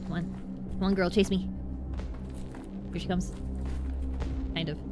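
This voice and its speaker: A woman streamer chatting excitedly to herself as she plays a video game and reads out its dialogue. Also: on the low side, unhurried. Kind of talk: casual game commentary with read-out dialogue. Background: game music.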